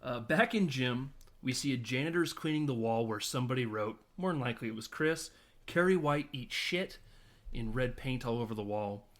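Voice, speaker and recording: A man on a casual film podcast recaps a movie scene by scene in a mid-pitched, conversational voice. He slips into quick impressions of the characters as he goes, then drops straight back into easy chat. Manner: animated retelling of scenes, acting out characters' lines. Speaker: podcast co-host.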